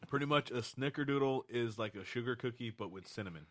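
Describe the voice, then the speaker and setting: A man's voice: mid-range voice, fast talker, a bit bright, dry recording, clean studio sound. A young man in casual podcast chat, telling rambling, profane stories. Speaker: podcast co-host.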